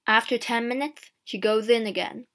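A woman voicing a harsh male prison guard who shouts orders in an audiobook story. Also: on the high side, steady tone, moderate pace, close to an everyday voice. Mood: curt. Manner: loud and barking.

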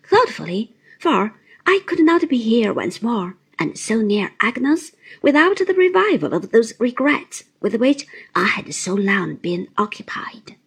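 Very breathy woman reading slowly. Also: a little high, very animated. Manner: slow, hushed, whispery first-person reading. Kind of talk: audiobook narration of a classic novel.

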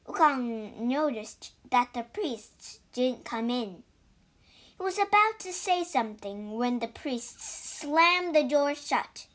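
A woman reading a storybook aloud slowly and clearly for English learners. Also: sits high, lively intonation, a bit bright. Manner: slow, clear, deliberate.

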